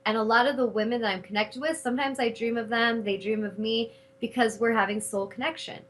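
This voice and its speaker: A middle-aged woman hosting a spiritual talk show, speaking in an animated, casual way and cursing freely when she retells her anger. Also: on the high side, brisk, poor audio. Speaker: host.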